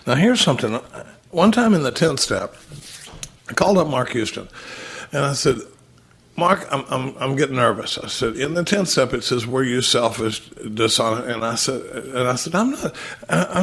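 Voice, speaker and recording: A man's voice: mid-range voice, expressive, moderate pace, breathy edge. A middle-aged man speaking at a recovery meeting, telling stories with quoted dialogue and laughing often.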